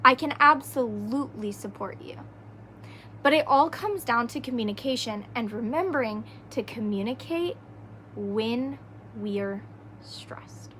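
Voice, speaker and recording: A woman's voice: a little high, animated, moderate pace, pushed and bright, slight background noise. A woman hosting a podcast, talking earnestly in a casual way and giving relationship advice, often tagging her points with "right?". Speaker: podcast host. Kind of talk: casual solo podcast talk.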